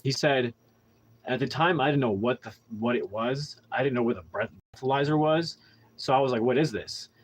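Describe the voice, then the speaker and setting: A man's voice: medium pitch, normal speed, rough recording. Young male podcast host, unscripted monologue, blunt and profane, rambling with frequent restarts. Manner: candid storytelling with heavy profanity. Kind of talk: casual monologue.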